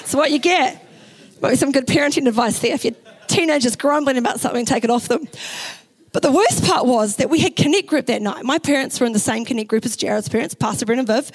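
A young woman pastor from New Zealand with a New Zealand accent, preaching a sermon in a chatty, animated way and acting out the quotes in her stories. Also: sits high, fast talker, rough recording. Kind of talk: sermon with personal story. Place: church.

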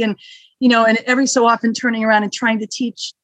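A woman who manages hospital security, chatting as a podcast guest and telling stories with lively acted-out quotes. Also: fairly high pitch, fast talker, no echo, rough recording. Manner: lively storyteller who acts out quoted exchanges. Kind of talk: casual interview chat.

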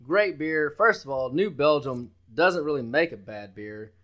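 A man co-hosting a sports betting podcast, talking loudly and brashly with lots of swearing and hype. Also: a little high, expressive, measured pace. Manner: loud, brash, profane and hyped. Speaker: podcast co-host.

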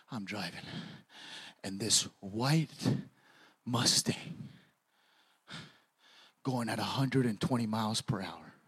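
A young man preaching a sermon, swinging from quiet storytelling to shouted preaching. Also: medium pitch, husky.

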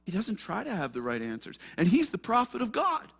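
A man's voice: high-pitched, wildly swooping pitch, fairly quick, vocal fry, a bit bright, breathy edge. A man pastor preaching an earnest sermon with emphatic rhetorical questions.

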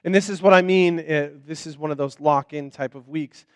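A man's voice: on the high side, a little fast, clear, resonant tone, dry recording. A man preaching as a pastor in an informal, conversational sermon. He often repeats words, restarts his sentences and checks in with "right?".

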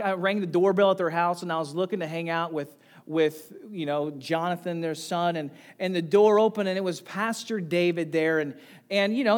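A man with a high voice preaches a sermon from the pulpit. He tells stories with animated swings between quiet, close passages and loud, bright bursts. He sounds middle-aged. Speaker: pastor.

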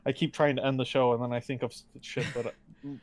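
A man's voice: medium pitch, level tone, quick pace, a little hiss or hum. A man co-hosting a casual podcast, recapping a movie in a rambling, joking way and swearing often. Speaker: podcast co-host. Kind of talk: casual chat.

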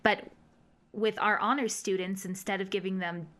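Measured young woman explaining. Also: mid-range voice, steady tone, fairly bright tone. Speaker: student teacher. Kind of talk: casual podcast chat.

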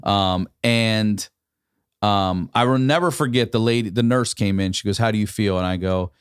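A man's voice: fairly low pitch, moderate pace, smooth, no echo, studio quality. A man in his forties, a podcast host, telling a long profane story in casual chat. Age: 40s. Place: podcast studio.

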